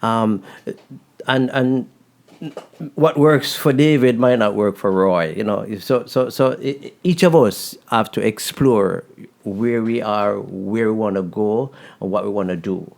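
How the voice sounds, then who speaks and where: Gravelly middle-aged guy on an interview, talks it through slow, trips on words, does little voices for quotes. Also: lowish voice, darkish tone. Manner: thoughtful, restarts words, acts out quoted speech. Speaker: photographer guest. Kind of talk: casual interview chat.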